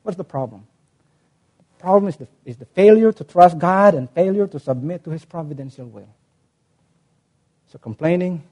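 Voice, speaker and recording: A man preaching a sermon as pastor, teaching with emphasis, stressing key words and slowing down to read verses aloud. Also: fairly high pitch, mellow. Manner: spells out words and gives examples.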